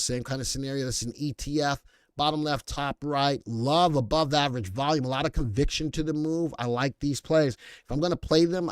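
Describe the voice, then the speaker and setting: A man's voice: medium pitch, no echo, clean studio sound. A man hosting a live stock analysis stream, reading viewer chat aloud and joking between picks. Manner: playful, reads viewer chat aloud, jokey asides. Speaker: stock analysis livestream host. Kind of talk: casual live market commentary.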